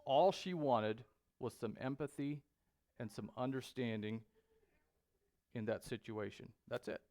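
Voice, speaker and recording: Guy preaching a sermon real slow, lots of pauses and ums, mid pitch. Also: a little mellow. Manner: slow and deliberate with frequent pauses and fillers. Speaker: pastor. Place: church sanctuary.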